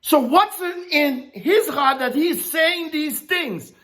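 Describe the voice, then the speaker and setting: A woman preaching a sermon, teaching from scripture in a slow, emphatic way. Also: high voice, fairly bright tone. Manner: emphatic, rising and dropping sharply, slow deliberate preaching.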